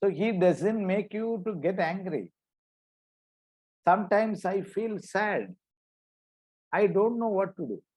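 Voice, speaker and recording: A man with a Tamil accent teaching a religious philosophy class. He speaks slowly and explains patiently, asking questions and then answering them himself. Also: sits high, darkish tone. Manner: slow, explaining, asks and answers his own questions.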